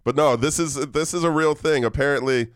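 A man's voice: fairly high pitch, brisk, clean tone, dry recording, clean studio sound. A young man co-hosting a podcast, relaying a news story in a rambling, casual way and laughing often. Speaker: podcast co-host presenting news stories. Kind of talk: casual comedic chat.

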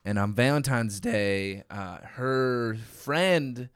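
A man's voice: mid-range voice, animated, slow pace, fairly bright tone, clean tone, dry recording. A man co-hosting a casual comedy podcast, his voice sitting in a middling register. He rambles through a story about himself in a sheepish way. The sound is dry and close, with little room around it. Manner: rambling, laughs often, sheepish when telling stories about himself. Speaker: podcast co-host.

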